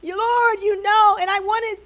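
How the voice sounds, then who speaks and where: A woman preacher voicing a little boy who shouts his Christmas wish-list prayers, loud and pleading. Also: very high-pitched, fairly even intonation, unhurried, voice pushed up. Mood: shouting, pleading.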